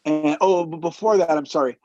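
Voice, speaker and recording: A lively storytelling man with a slightly higher voice than most, who slips into the voices of the people in his tale. The sound is dry and dull, with no room around it and little top end. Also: a little fast, no room sound. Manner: animated storyteller who acts out quotes. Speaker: roundtable guest. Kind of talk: casual storytelling.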